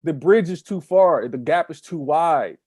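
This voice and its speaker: A man's voice: a little high, animated, measured pace, darkish tone, dry recording, clean studio sound. A man co-hosting a casual chat as a manifestation coach, speaking emphatically and repeating key phrases for effect.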